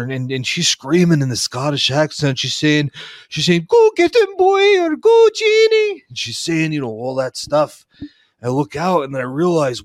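Man, rambling deadpan storyteller, constant filler words, dry close recording. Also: mid-range voice, no room sound. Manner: rambling, heavy with fillers and restarts. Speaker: former wrestling referee telling stories.

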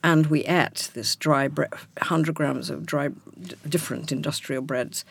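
Male co-host, gravelly and husky, dry sarcastic delivery. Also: fairly high pitch, steady tone, unhurried, a bit bright, no echo. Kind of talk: casual discussion.

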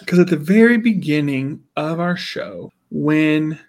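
Male podcast co-host, gravelly, relaxed chat, quotes bits of scenes. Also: a little high, unhurried. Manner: laughs often, acts out quotes of characters. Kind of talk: casual chat.

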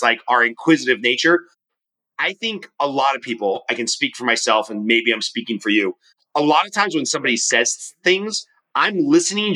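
Bright-voiced man telling stories. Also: medium pitch, low-quality recording. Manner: animated, rambling storyteller with frequent restarts. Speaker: podcast guest, mortgage professional and coach. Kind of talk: casual conversational podcast talk. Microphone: remote studio microphone.

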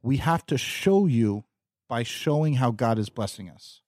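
Mellow-voiced man, animated podcast co-host. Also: medium pitch, unhurried, dry recording, studio quality. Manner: animated, reads quotes aloud and talks back. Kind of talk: casual discussion.

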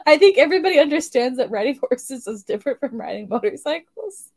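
A woman's voice: sits high, expressive, normal speed, darkish tone. A woman co-hosting a podcast, recapping a cartoon episode in casual chat with sarcastic asides and frequent laughter. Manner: giggly, sarcastic commentary. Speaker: podcast co-host.

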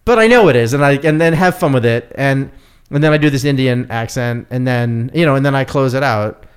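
An easygoing man chatting backstage after his comedy set, with a smooth, resonant voice. He is agreeable and pokes fun at himself. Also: mid-range voice, brisk. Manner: easygoing, agreeable, self-deprecating. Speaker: opening comedian. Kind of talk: casual backstage chat.

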